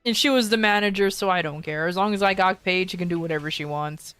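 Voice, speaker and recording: A woman's voice: lowish voice, fast, a bit bright, smooth, dry recording. Young female streamer, casual chat, loose rambling storyteller who swears and laughs, dry booth-like sound.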